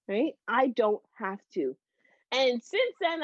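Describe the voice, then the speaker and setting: A woman in her thirties, a psychotherapist guest, telling her personal story in an animated, heartfelt way and laughing often between phrases. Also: a little high, moderate pace, dry recording. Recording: dull, slightly lo-fi dry audio.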